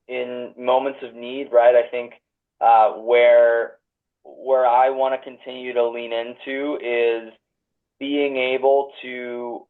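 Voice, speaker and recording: Mężczyzna po trzydziestce z Filadelfii, rozwlekle odpowiada jako gość, z wieloma urwanymi zdaniami, przez blaszany, telefoniczny dźwięk rozmowy wideo. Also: male voice, medium pitch. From Philadelphia. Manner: rambling, full of restarts and hedges. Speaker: guest. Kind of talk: reflective conversational answers. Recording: tinny phone-like video call audio.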